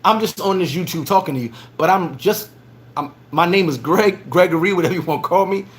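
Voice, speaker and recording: Animated man telling stories live. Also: high voice, brisk. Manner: animated storytelling, acts out quoted lines. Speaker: vlog host. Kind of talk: casual livestream chat. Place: bar in the Dominican Republic.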